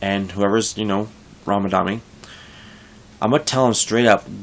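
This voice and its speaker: A man's voice: on the low side, steady tone, normal speed, creaky. A young man talking casually in a vlog, venting frustration about his workplace in a rambling way with frequent restarts. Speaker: vlogger.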